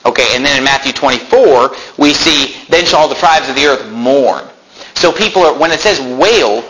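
Male preacher in a sermon, sharp and forceful, reads scripture aloud with loud emphatic bursts. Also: fairly high pitch, low-quality recording. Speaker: pastor.

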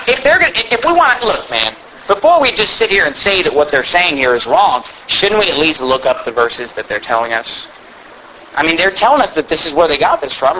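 A man's voice: high-pitched, pushed and bright, lo-fi sound, a little hiss or hum. A man preaching a sermon, emphatic and sarcastic, reading scripture aloud with rising force. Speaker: pastor.

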